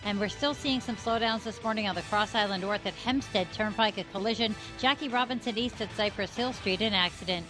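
A woman with a New Jersey accent giving a brisk radio traffic report and a sponsor read. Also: medium pitch, music in the background, rough recording. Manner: brisk, steady rundown. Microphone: studio microphone.

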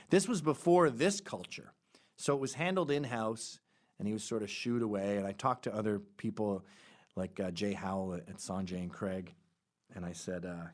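A man's voice: lowish voice, darkish tone. A middle-aged man hosting a podcast, talking in a rambling, irreverent, casual way. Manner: rambling, irreverent, jumps between topics. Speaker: podcast host.

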